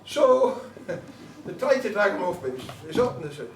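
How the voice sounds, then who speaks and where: A man's voice: high voice, very animated, unhurried. An older man with a Glaswegian accent, a former police officer, tells a funny story to a live audience and laughs at his own jokes. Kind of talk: humorous anecdote to a live audience. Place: concert hall with an audience. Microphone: far camcorder on tripod. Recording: roomy hall from a distance, noisy.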